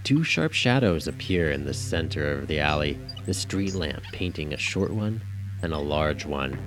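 A man narrating a gritty first-person audiobook in an expressive, profane manner over music. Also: rumbling low, normal speed.

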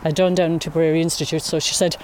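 A woman's voice: low-pitched, little pitch movement, a little mellow, slight background noise. A woman in her fifties with an Irish accent, a photographer chatting as a guest while walking outdoors by a lake. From Ireland. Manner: chatty storyteller, unhurried. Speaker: interview guest, wildlife photographer. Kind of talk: casual chat.

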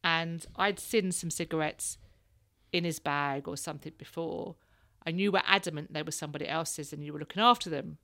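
A woman's voice: sits low, fairly even intonation, a little fast, creaky, pushed and bright, no echo, clean studio sound. A woman in her thirties, hosting a casual chat and telling candid stories, laughing now and then. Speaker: podcast host, mother.

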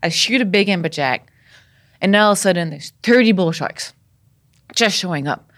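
A woman from Canada, a podcast guest, telling a story in a lively way, laughing often and acting out what people said. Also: lowish voice, normal speed. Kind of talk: casual storytelling.

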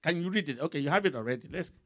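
A man's voice: fairly high pitch, lively intonation, very fast, a bit bright. A man preaching a sermon with emphatic, rising and falling delivery, calling out scripture references for a reader to read aloud.

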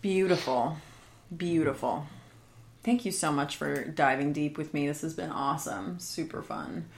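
A woman's voice: low voice, a little slow, slight background noise. A woman hosting a casual podcast, bubbly and chatty, saying "like" a lot and laughing easily. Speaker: podcast host.

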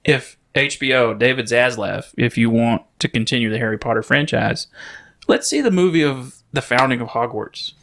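A man co-hosting a podcast, chatting in a relaxed way about a film and drawling quotes slowly for laughs. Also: mid-range voice, vocal fry. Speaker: podcast co-host. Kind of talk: casual movie chat.

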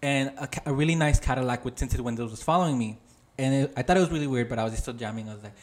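A man's voice: mid-range voice, very fast. Rambling, foul-mouthed podcast man. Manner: swears a lot, rambling storytelling. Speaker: podcast co-host. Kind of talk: casual comedic chat. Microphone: video call.

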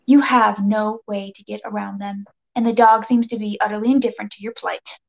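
A woman's voice: medium pitch, steady tone, a little fast, creaky. A woman narrating a comic second-person adventure story with playful, dramatic delivery and jokey asides.

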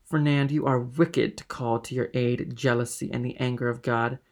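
A man's voice: medium pitch, steady tone, normal speed, vocal fry, natural voice. A man reading aloud and voicing a passionate, loyal young woman who speaks with raised emphasis. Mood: impassioned.

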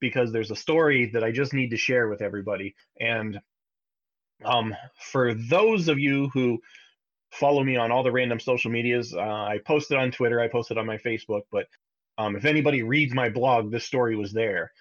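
A man in his thirties co-hosting a podcast, telling a family story in a casual, animated way, sometimes jumping high to imitate his child. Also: normal speed, lo-fi sound. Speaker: podcast co-host.

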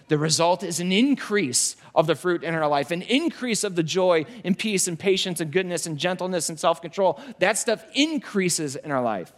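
A male pastor preaches a sermon in an emphatic, repetitive style. His voice sits a bit high for a man. He slows down and goes quiet to drive a point home. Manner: emphatic, repeats key phrases, drops low and slow for weight.

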